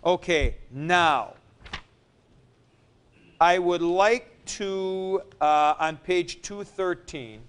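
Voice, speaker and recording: A man teaching a class, explaining forms step by step with fillers and pauses as he moves around the room. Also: sits high, clear, resonant tone. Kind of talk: classroom lecture.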